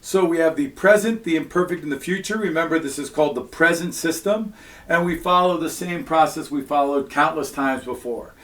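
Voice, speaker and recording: A man's voice: fairly high pitch, brisk, fairly bright tone. Patient man teaching a Latin lesson. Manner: patient step-by-step explaining, frequent "all right" and "um". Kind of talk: recorded classroom lesson.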